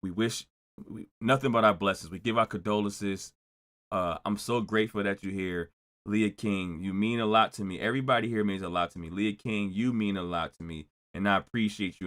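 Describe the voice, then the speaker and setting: A young man streaming, telling a story to his chat in casual, slangy talk with animated, loud bursts. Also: fairly low pitch.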